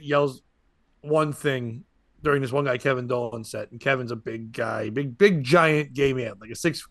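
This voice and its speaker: Bright-voiced man telling a comedy story. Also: on the high side, no echo, clean studio sound. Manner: rambling anecdotal, acts out other people's lines. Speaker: comedian and podcast host.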